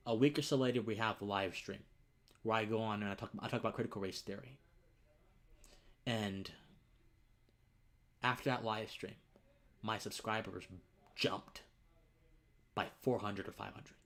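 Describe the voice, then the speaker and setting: A man's voice: fairly low pitch, steady tone, unhurried, pauses often, a bit bright. A young man hosting his own livestream, telling a personal story in an earnest way. He gets choked up and tearful, and his voice drops to near whispers. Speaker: livestream host.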